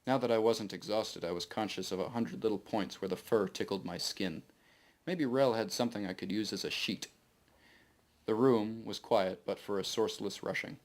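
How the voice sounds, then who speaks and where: A man reading his own novel aloud to a live audience in steady first-person narration. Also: fairly low pitch, moderate pace.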